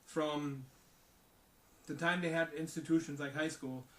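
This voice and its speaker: A man with a higher, bright voice talks emphatically in a casual panel discussion, punctuating his points with rhetorical check-ins. He sits a little away from the mic, and the room around him is echoey. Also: fairly even intonation, a little slow, far from the mic. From outside the United States. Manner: emphatic, rhetorical "okay?" and "you know?" asides. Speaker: podcast co-host.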